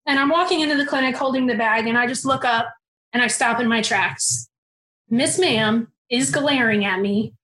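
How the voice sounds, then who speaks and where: Young adult woman storyteller, animated and candid; high voice, reverberant space. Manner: animated, candid, swears casually. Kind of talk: personal storytelling. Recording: roomy echo.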